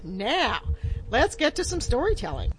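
A woman's voice: a little high, wildly swooping pitch, a little slow, a little hiss or hum. A woman hosting a community radio show, chatty and upbeat as she introduces guests and asks for donations.

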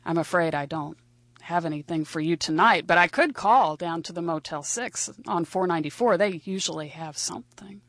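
A woman voicing a polite hotel desk clerk who apologizes in a low, hushed voice. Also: moderate pace, no echo, lightly acted. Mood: apologetic.

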